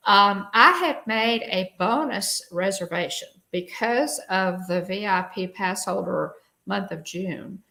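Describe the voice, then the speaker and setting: A woman's voice: medium pitch, takes it slowly, gravelly, bright, forceful tone. A middle-aged woman, co-hosting a casual live stream and rambling with many fillers and restarts. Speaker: show co-host.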